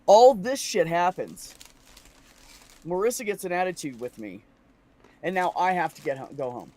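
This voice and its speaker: A man's voice: a little high, moderate pace, dry recording. A frustrated man in casual podcast chat, telling a story with lots of swearing and mimicking the voices of the people in it. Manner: venting, profane, animated storytelling.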